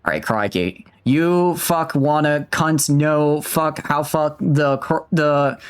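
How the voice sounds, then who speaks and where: Guy putting on a crude aussie bloke accent, cussing every other word, a bit higher than his own voice. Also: slow pace, clear, resonant tone. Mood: brash. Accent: Australian, as put on. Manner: swears constantly, brash and drawling. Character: crude, laid-back male cafe owner with an Australian accent.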